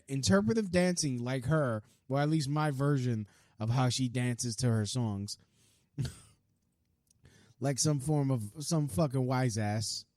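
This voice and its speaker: A man's voice: mid-range voice, darkish tone, no room sound. A man ranting casually to camera, rambling and profane, with many fillers and restarts. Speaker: vlogger. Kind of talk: casual rant.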